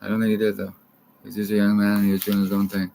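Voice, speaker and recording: A man's voice: lowish voice, monotone, quick pace, gravelly, dark tone, a little hiss or hum, poor audio. A man from Canada rambling profanely to camera, jumping from topic to topic.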